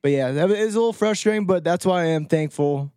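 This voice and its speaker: A man's voice: sits high, fast talker, mellow, clear, resonant tone, dry recording, studio quality. A man co-hosting a podcast, talking casually in a rambling way with lots of fillers and restarts. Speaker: podcast co-host. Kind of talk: casual chat.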